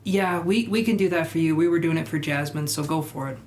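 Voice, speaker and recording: On a live tarot stream, a chatty man talks loosely, drifts between thoughts, and answers viewer comments in a relaxed, unscripted way. His slightly high, darkish voice is brisk, captured by a simple streaming mic with a little hiss or hum.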